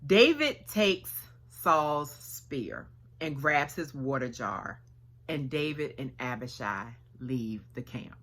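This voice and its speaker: A woman's voice: extremely low pitch, lively intonation, takes it slowly, a bit bright. A woman preacher giving a sermon, retelling a story with acted dialogue and casual slang.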